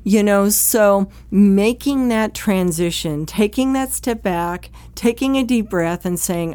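A woman's voice: medium pitch, measured pace, few pauses, darkish tone, dry recording. A direct, plain-spoken woman teaches first responders about communication at home. She talks in a conversational way and briefly acts out quoted exchanges. The recording is dry and close, with almost no room sound.

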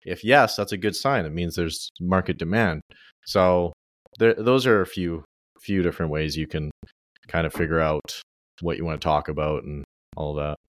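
Young male guest, deep voice, dry close sound, relaxed explainer. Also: normal speed, dry recording. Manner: relaxed, explanatory, speaks in loose casual phrasing. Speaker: ghostwriter guest. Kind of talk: casual podcast interview.

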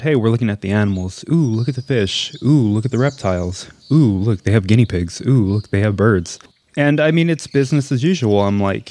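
A man in his thirties telling a comic story about his son in a casual, animated way, swearing, laughing often and dropping into whispers. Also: fairly low pitch, no room sound, clean studio sound. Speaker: storyteller, father.

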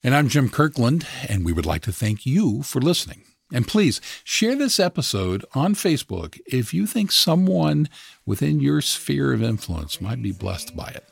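A man co-hosting a podcast, reading a scripted closing with a warm delivery. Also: medium pitch, sing-song, moderate pace, creaky, slightly rough, no echo. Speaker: podcast co-host.

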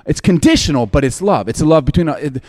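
Forties male pastor, funny and candid, voice swinging widely in pitch. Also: fast. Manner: humorous, self-deprecating, candid; animated, often laughing. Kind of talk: storytelling sermon.

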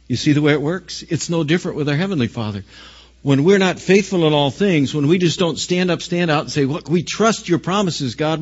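Pastor, male, fairly high voice, emphatic sermon delivery, lo-fi recording. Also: breathy edge. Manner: emphatic preaching, rising loud on key phrases.

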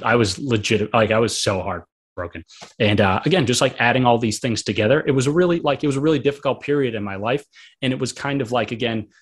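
Earnest, husky-voiced young man rambling. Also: fairly low pitch. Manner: rambling, earnest, heavy use of fillers. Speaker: author and guest. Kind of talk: candid personal storytelling.

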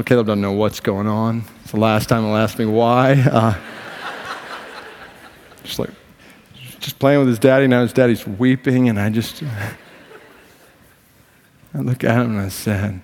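Impassioned preacher in a reverberant hall. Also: male voice, lowish voice, steady tone. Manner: slow, emphatic preaching that swings from hushed to impassioned. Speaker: pastor. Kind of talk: sermon. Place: church sanctuary. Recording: long reverb of a large hall.

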